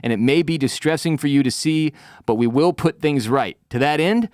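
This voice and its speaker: A man putting on the voice of a calm, overly polite middle-aged male official, speaking in a soothing, reassuring way while retelling a scene. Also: a little high, moderate pace, dry recording, studio quality, lightly acted. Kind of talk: acted quote in a podcast recap.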